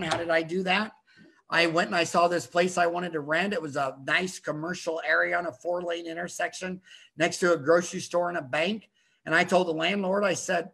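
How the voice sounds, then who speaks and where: High-voiced, emphatic middle-aged man. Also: flat delivery, creaky. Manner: emphatic, storytelling, quick shifts in loudness. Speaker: dentist and podcast host. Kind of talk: animated conference talk.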